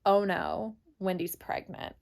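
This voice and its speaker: A woman's voice: mid-range voice, wildly swooping pitch, slow, vocal fry, a little mellow. A young woman giving a casual, chatty book review, full of "like" fillers.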